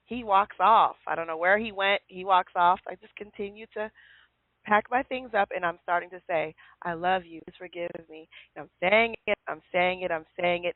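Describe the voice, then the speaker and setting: A woman hosting a casual call-in radio chat, telling stories with lively acted-out quotes. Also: mid-range voice, normal speed, no room sound. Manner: lively storyteller who acts out quotes. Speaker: show host. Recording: tinny phone line.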